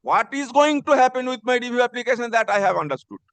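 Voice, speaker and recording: A man's voice: very high-pitched, expressive, quick pace, a bit bright, no echo. A man arguing in court as an advocate, insistent and pleading, repeatedly addressing the judge as "my lord". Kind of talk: courtroom argument.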